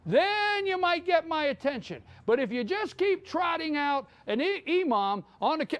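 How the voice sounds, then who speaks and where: A man's voice: extremely high pitch, sing-song, moderate pace. A man hosting a live morning show, giving an emphatic opinion monologue and repeating his points. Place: live broadcast from a downtown spot.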